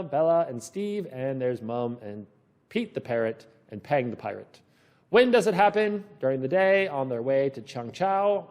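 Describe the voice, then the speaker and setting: Animated male teacher reading to children. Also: a little high. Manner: animated, encouraging, asks children questions.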